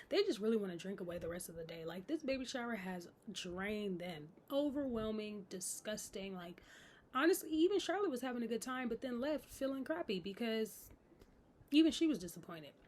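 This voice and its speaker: A woman casually recapping a TV episode, animated and exasperated, talking straight to her viewers. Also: medium pitch, a little hiss or hum. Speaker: recap vlogger.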